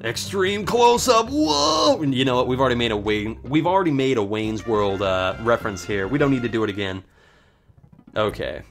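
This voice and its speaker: A man's voice: lowish voice, fairly quick, soft background music. A man giving casual, sarcastic commentary while he plays a video game, joking and swearing at it. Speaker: let's play host.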